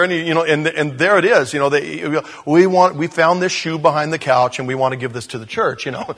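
A middle-aged man preaching a Bible study sermon, chatty and joking, slipping into little acted quotes. His voice sits a touch high for a man and has a husky edge. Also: a bit bright. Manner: conversational and humorous, with acted quotes and laughs. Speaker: pastor.

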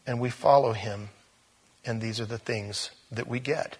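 Husky-voiced man preaching a sermon. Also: mid-range voice, a little slow. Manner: animated, repeats words, speaks to the crowd directly. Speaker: pastor.

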